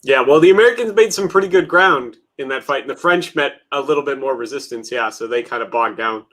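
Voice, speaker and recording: A man's voice: mid-range voice, brisk, a bit bright. A man in casual chat, chiming in with added details and laughing along.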